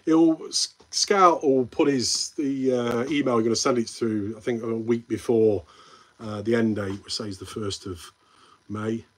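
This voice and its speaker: A man's voice: medium pitch, fairly even intonation, a little slow, a bit bright. A man with a Midlands English accent hosting a casual live stream, rambling and answering viewers' comments, calling them mate. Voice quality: friendly banter with viewers, calls them mate.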